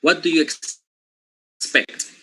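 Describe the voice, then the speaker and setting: A man's voice: measured pace, pushed and bright, poor audio. Spanish-speaking man teaching a class. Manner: asks questions, repeats words for emphasis. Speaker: linguistics teacher. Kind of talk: classroom lecture.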